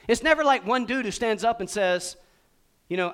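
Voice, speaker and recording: A middle-aged man preaching a sermon, quizzing his congregation and acting out little scenes with big swings in pitch and volume. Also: moderate pace, clean tone. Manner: animated, asks the congregation questions. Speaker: pastor.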